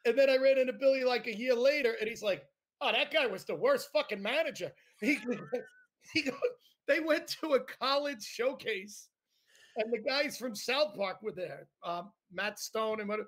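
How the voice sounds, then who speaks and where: Older guy hosting a podcast, fairly high voice, laughs a lot, cusses. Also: moderate pace, a bit bright. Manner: laughing, profane storyteller. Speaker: podcast host, comedian. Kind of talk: casual podcast chat.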